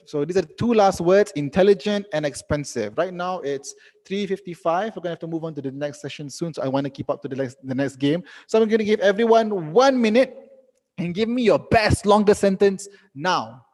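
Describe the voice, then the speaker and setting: A young man teaching a live online English lesson, reading out students' sentences and correcting them gently. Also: sits high, animated, brisk, in a large hall.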